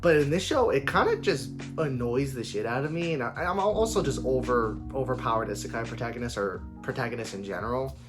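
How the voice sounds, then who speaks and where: A man giving a casual opinion rant about an anime, animated and swearing freely, with playful mimicked voices. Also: mid-range voice, brisk, few pauses, music in the background. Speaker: anime commentary vlogger.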